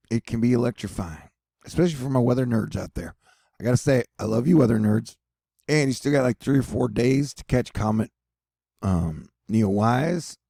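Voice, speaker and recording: A man giving a casual, joking weather update to his viewers, rambling off topic and speaking warmly to them. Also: mid-range voice, creaky, slightly rough, dry recording, studio quality. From United States. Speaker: weather vlogger.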